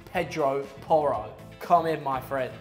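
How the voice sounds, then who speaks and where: A man's voice: mid-range voice, roomy sound, soft background music. A man in his twenties presenting a gaming video, teasing his friends in playful banter. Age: 20s. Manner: teasing, quick-witted and playful. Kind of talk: casual banter over video games.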